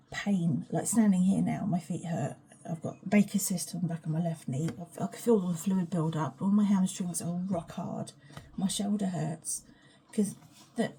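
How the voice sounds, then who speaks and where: A woman's voice: lowish voice, mellow, a little hiss or hum. A woman chatting frankly at home in her kitchen, rambling and swearing and often dropping to a whisper. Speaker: vlogger. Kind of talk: rambling casual vlog chat.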